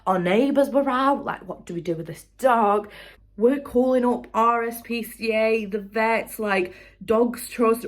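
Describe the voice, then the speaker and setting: A young woman tells a story straight to camera. She is chatty and animated, swearing freely, with an everyday mid-range voice. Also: mid-range voice. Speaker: vlogger. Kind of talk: casual storytelling vlog.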